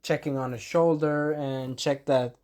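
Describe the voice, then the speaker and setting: In an unhurried, medium-pitched voice that is a little mellow and fairly even in intonation, a reviewer casually walks through an anime episode. He rambles in a loose storytelling style and performs the quoted lines.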